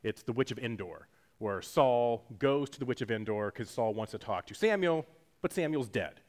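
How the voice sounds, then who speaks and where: A man's voice: medium pitch, animated, normal speed, darkish tone. A man preaching a sermon in a casual, jokey teaching style, acting out quotes as he goes. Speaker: pastor.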